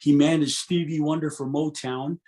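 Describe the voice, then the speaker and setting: A man's voice: a little high, moderate pace. A man in his fifties, a guest musician, telling stories in an interview with frequent restarts and laughs. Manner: animated, restarts often, laughs between stories. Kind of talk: interview storytelling.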